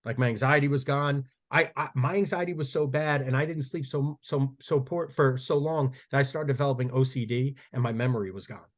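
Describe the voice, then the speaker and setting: A man talks casually as a guest on a podcast, rambling through stories and swearing freely. He restarts his sentences often, at an average pitch for a man. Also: a little fast, few pauses. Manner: profane, rambling storytelling with frequent restarts. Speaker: strength coach guest.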